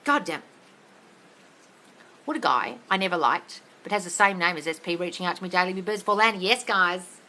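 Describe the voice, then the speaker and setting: A woman coaching viewers on a livestream, reading their questions and answering in a blunt, sweary, ranting way that often turns to yelling. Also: fairly low pitch, lively intonation, normal speed, long pauses, poor audio. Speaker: manifesting coach answering live chat questions. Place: home desk area. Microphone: livestream on phone or computer.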